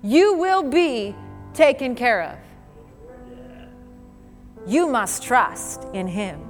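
Slow-preaching woman in a reverberant hall. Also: fairly high pitch, sing-song. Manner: earnest, conversational preaching with laughs and quoted scripture. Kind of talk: sermon. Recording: long hall reverb with faint music.

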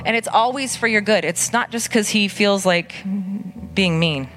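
A woman pastor preaching an earnest, conversational sermon at a church service, with dramatic pauses. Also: medium pitch, fairly bright tone, faint music behind.

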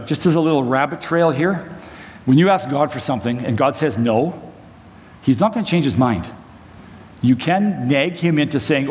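A man preaching, retelling a Bible story in a relaxed conversational way with side notes to the listeners. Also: medium pitch. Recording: long hall reverb, faint room noise.

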